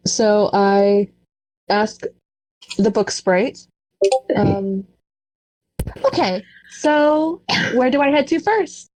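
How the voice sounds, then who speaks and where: A woman playing in a voice-chat role-play game, talking hesitantly with many pauses and giggles. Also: mid-range voice, a little mellow, low-quality recording. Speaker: player.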